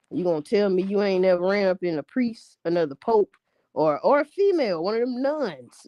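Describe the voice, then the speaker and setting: A woman's voice: mid-range voice, dark tone, no echo. A woman ranting in a casual commentary, blunt and heavy on profanity. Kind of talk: casual rant.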